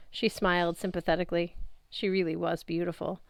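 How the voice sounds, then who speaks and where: A woman narrates a story in the first person, plain and even, her voice smooth and clear. The sound is close and dry, with no room around it. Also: lowish voice, brisk, no room sound. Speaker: audiobook narrator.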